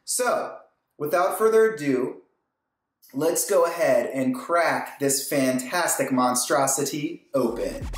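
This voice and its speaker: A man's voice: a little high, slow pace. A man hosting a casual unboxing, chatting with joking, self-mocking asides. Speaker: host. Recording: echoey room.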